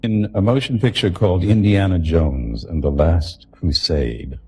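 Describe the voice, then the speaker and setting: A man's voice: low voice, a little slow, warm tone, slightly rough. A male talk-show host making a mock-formal joke.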